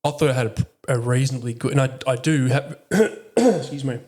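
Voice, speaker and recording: A man plays a military veteran and father being interviewed on a podcast. His voice sits at a middle pitch, and he speaks frankly and reflectively. He swears freely as the conversation goes on. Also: animated, a little fast, a little mellow.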